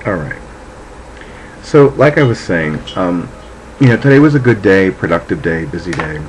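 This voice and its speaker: Low-voiced man rambling casually at home. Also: expressive, moderate pace, a little hiss or hum, low-quality recording. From New Jersey. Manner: chatty, meandering, swears freely. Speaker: vlogger, psychic. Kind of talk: casual rambling chat to camera. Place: at home, indoors.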